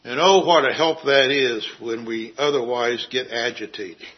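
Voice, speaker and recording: A man preaching a sermon, earnestly citing scripture and dropping his voice for quiet emphasis. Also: medium pitch, unhurried, muffled recording.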